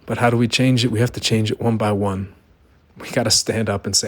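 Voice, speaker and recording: A middle-aged vlogger delivers an earnest, emphatic personal monologue full of rhetorical questions. His voice is lowish and fairly quick, with a fairly even intonation.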